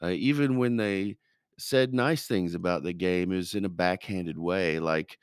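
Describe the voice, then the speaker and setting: Very deep-voiced man podcast co-host. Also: smooth, dry recording, clean studio sound. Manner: measured, hesitant, many fillers. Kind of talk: casual discussion.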